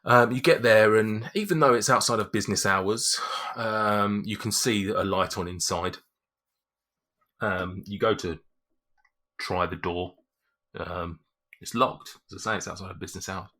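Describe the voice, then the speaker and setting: A man's voice: fairly low pitch, measured pace, pushed and bright. A man narrating as game master of a tabletop game, rambling, with many fillers. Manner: rambling, full of 'like' and 'um'.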